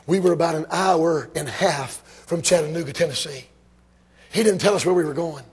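A man from Georgia preaching a sermon, telling stories emphatically and rising to shouts. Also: on the high side, fairly quick, husky.

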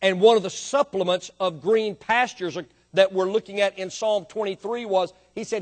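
High-voiced emphatic male preacher. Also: fairly even intonation. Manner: emphatic, swings from quiet to loud and drawn-out. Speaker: pastor. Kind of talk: sermon.

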